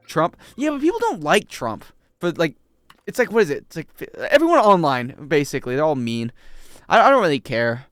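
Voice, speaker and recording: Lively young man streaming a game. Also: brisk, dry recording, faint music behind. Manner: rambling, joking, animated swings in pitch. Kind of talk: casual gameplay chat with chat.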